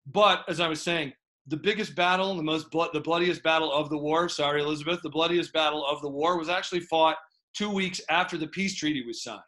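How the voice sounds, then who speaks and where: A man teaching an online history class in an animated, joking, rambling way over a video call. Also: fairly high pitch, fairly quick.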